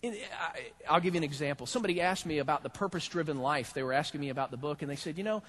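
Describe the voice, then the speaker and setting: A man preaching a sermon in a church, animated and talking straight to his congregation. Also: a little high, very fast. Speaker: pastor.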